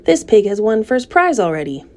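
A woman's voice: medium pitch, big pitch swings, moderate pace, darkish tone, close to an everyday voice. A woman doing an eager farm boy.

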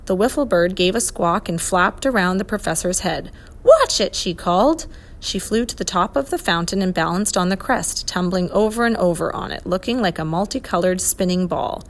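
A woman's voice: on the low side, fairly quick, few pauses. Woman reading a children's story aloud. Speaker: narrator.

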